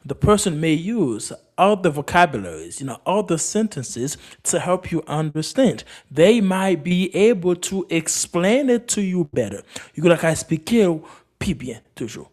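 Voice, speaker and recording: A man with a Haitian accent teaching English phrases, saying each one slowly twice and then translating it. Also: on the high side, darkish tone. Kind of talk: bilingual language lesson.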